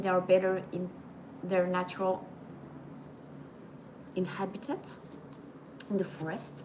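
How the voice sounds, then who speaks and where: Unhurried French-accented woman, chatty host. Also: medium pitch, background noise. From France. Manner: chatty, drops in French and Japanese words. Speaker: channel host. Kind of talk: casual livestream chat.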